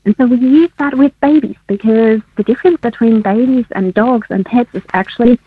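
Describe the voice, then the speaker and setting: Husky woman on a phone line. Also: fairly high pitch, brisk, no echo. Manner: laughs often while explaining. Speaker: guest researcher. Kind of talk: explaining research on radio. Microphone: phone call.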